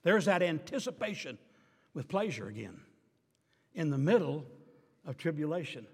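An older man preaching a sermon as pastor, swinging between emphatic declarations and quiet asides with dry humor. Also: fairly high pitch, sing-song, moderate pace, breathy edge. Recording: reverberant hall.

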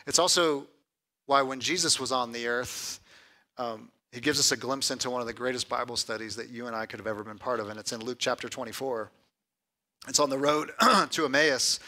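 Bright-voiced man preaching a sermon. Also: a little high. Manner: swings between hushed, intimate lines and raised, emphatic ones; repeats words and restarts mid-phrase. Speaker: pastor.

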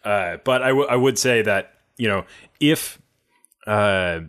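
A man's voice: lowish voice, slow, fairly bright tone. A man co-hosting a casual podcast, talking in rambling, restarting sentences full of fillers. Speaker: podcast co-host. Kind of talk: casual chat.

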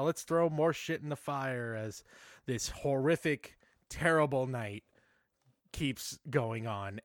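A podcast co-host with a fairly high-pitched voice chats casually while recapping a film, swearing freely and piling on deadpan, irreverent exaggeration. The recording is studio quality with no echo.

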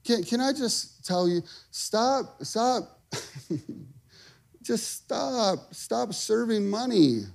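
A male pastor preaching a sermon, energetic and emphatic, repeating phrases for punch and throwing in casual asides to the congregation. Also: high-pitched, extremely slow, gravelly.

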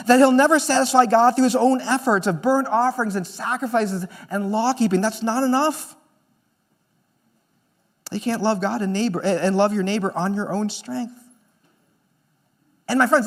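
A pastor preaching a sermon in an earnest manner, moving between emphatic lines and hushed ones. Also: male voice, high-pitched.

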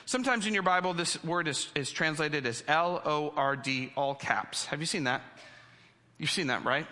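Bright-voiced preacher in a reverberant hall. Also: male voice, high voice. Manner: animated, playful teaching with audience call-and-response. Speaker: pastor. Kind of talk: sermon.

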